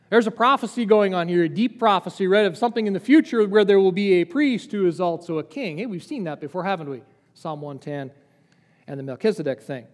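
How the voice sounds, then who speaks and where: A man preaching a sermon in a lively, conversational teaching manner, asking his listeners questions. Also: sits high, brisk, in a large hall. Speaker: pastor.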